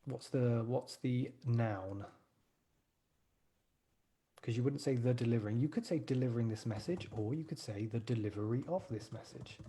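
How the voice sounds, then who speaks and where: A man's voice: medium pitch, fast talker, few pauses, mellow, slight background noise. A man teaching a live writing class, encouraging his students and thinking aloud as he types.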